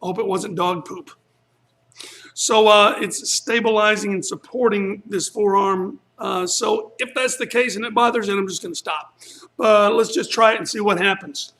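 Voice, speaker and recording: A man's voice: high voice, normal speed, a bit bright. A man coaching a live-streamed workout as a martial arts instructor, casually talking through moves and counting breaths aloud. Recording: echoey room.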